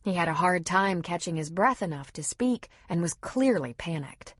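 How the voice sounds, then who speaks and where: A woman reading a novel aloud in steady, measured scripted narration. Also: lowish voice, dry recording, clean studio sound. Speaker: audiobook narrator.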